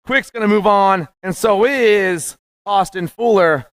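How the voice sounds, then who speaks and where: A man calling live races as the announcer, excited and punchy, rattling off names and nicknames. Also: high-pitched, unhurried, smooth, no room sound, studio quality. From USA. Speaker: race announcer. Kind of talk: live race commentary.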